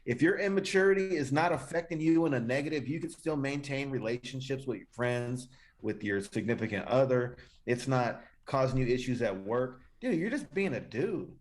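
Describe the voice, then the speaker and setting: A man's voice: mid-range voice, expressive, normal speed. A man co-hosting a podcast, giving loose, rambling opinions full of slang. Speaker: podcast co-host. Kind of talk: casual profane podcast chat.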